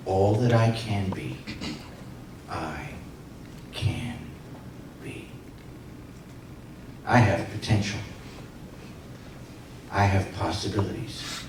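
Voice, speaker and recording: In an echoey hall, recorded from a distance amid background noise, a man in his sixties with a low voice gives a motivational speech. He tells a personal story punctuated by comic punchlines.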